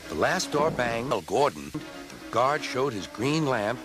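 Lively man narrating a children's story. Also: mid-range voice, unhurried, over music. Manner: lively storytelling with character voices. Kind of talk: storybook narration in a remix video.

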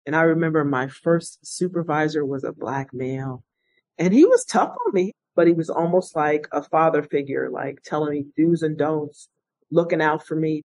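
A middle-aged woman, a retired state police officer, tells her life story as an interview guest in conversational fashion, earnest and reflective but animated whenever she quotes others. Her voice sits low, and the low-quality recording has no room sound.

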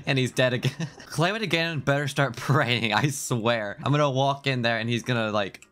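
A gaming YouTuber delivers jokey let's-play commentary over a video game, talking a little fast. He often laughs mid-sentence, and his pitch jumps up whenever he gets excited.

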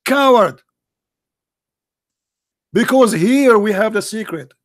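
A man's voice: high-pitched, animated, slow, no room sound, studio quality. A man hosting a heated live call-in debate, combative and interrupting, repeating his points insistently and losing his voice. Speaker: livestream debate host.

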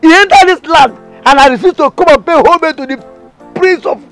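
A loud insulting village bully. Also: male voice, very high voice, brisk. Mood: indignant. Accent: Nigerian. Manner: shouting, insulting, mocking. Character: loud arrogant village man scolding a girl. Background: background music.

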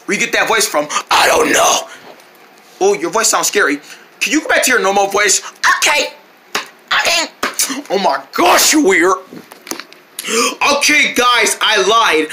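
Brief: woman narrating and voicing every character in a toy play scene, shouty and dramatic, very lively pitch, bright tone, faint noise behind. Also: moderate pace. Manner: shouty, dramatic, switches voices constantly. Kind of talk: improvised toy play-acting.

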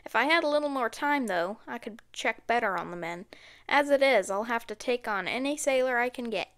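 A man's voice: very high-pitched, expressive, fairly quick, fairly bright tone, clean tone, heavily acted. A woman reading an audiobook, voicing a reluctant, grudging sea captain.

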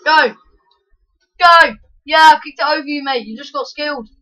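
A woman giving excitable live commentary over her own gameplay, yelling at the screen with quick self-mocking asides. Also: high-pitched, poor audio. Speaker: gaming channel host.

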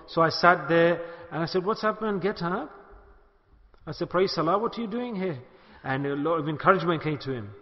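High-voiced man preaching in a reverberant hall. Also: normal speed. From United Kingdom. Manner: storytelling, acts out quoted speech, exhorting. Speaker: Sufi sheikh giving a talk. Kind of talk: sermon. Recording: long reverb, dull lo-fi sound.

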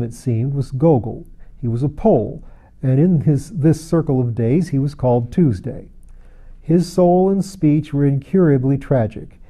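Man reading a classic novel aloud, very dark mellow voice, steady and measured. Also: mid-range voice. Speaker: audiobook narrator. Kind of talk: scripted narration of a classic novel.

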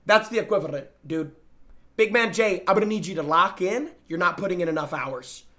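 A young man streaming live, loudly reacting to viewer gameplay clips, teasing and excitable, swinging between shouting and muttering. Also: high-pitched, a little fast.

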